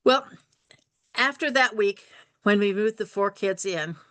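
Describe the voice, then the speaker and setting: An older woman telling a personal family story aloud, unhurried, repeating phrases for rhythm. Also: mid-range voice, fairly bright tone.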